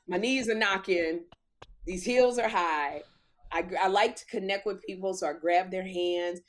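A middle-aged woman talk show host tells stories in a casual chat, lively and animated, slipping into the voices of the people she describes. She sounds slightly out of breath, and her voice sits at an ordinary middle pitch. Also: unhurried. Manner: animated storyteller, acts out quoted voices.

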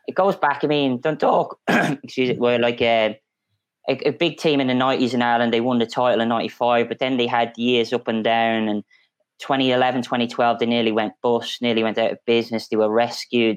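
A man's voice: mid-range voice, brisk, clear, resonant tone, no room sound, poor audio. Man telling a football story, dry sound. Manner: storytelling, animated, many restarts. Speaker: football journalist panelist. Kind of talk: casual podcast chat.

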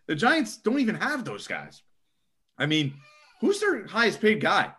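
A young man talking sports on a casual podcast, his voice bright and a touch high, swinging up and down with lively emphasis. He stresses his points hard and keeps checking in with his listener. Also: measured pace. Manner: animated, emphatic, says "okay?" often. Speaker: co-host.

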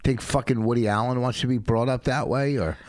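A man, a stand-up comedian, chatting casually and profanely, rambling and often turning loud and indignant. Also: medium pitch, steady tone, fairly quick, dry recording, clean studio sound. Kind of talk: casual podcast banter.

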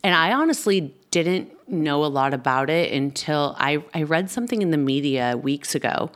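A woman with a notably low voice hosts a casual podcast chat. She talks emphatically and gushes about what she loves, breaking into laughter often. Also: expressive, normal speed. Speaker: podcast host.

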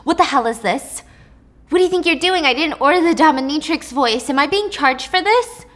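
A woman voicing a panicked, angry man yelling at customer service. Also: high-pitched, animated, fairly quick, pitched above the performer's own voice. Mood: frantic. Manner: shouting, frantic.

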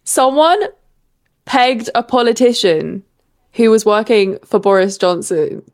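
A woman co-hosting a podcast, chatting casually in an excitable, playful way. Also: fairly high pitch, measured pace. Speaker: podcast co-host. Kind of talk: casual chat.

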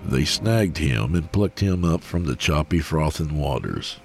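A man reading a horror story aloud in a slow, measured, grim delivery. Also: a bass voice, animated, faint music behind. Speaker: narrator.

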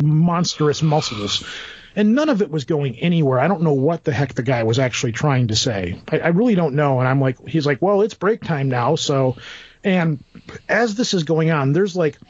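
A man's voice: a little high, muffled recording. Rambling man telling a story. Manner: rambling, animated anecdote with quoted asides. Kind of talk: casual storytelling.

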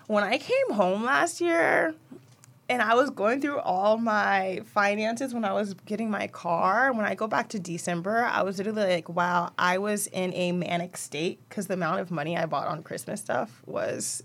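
A woman's voice: medium pitch, normal speed, gravelly, fairly bright tone. A young woman co-hosting a podcast, talking candidly and emotionally about her children in casual chat, rambling a little as she goes. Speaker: podcast co-host.

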